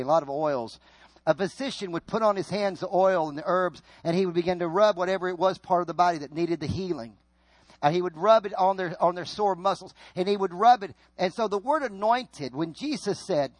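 A man preaching a sermon, telling stories that swing from loud, emphatic peaks to hushed asides. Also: high voice, no echo. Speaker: pastor.

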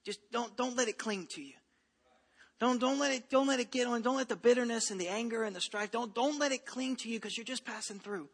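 A man's voice: very high-pitched, fairly quick, husky, in a large hall. A man preaching a sermon in a casual, conversational way, full of asides and repeated phrases. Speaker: pastor. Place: church hall.

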